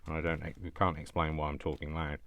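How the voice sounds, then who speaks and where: Fast-talking, deep-voiced man. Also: completely flat delivery, dry recording, muffled recording. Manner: talks fast and loud, chatty self-talk; talks to himself by name. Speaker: crafting channel host. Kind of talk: casual chat while crafting.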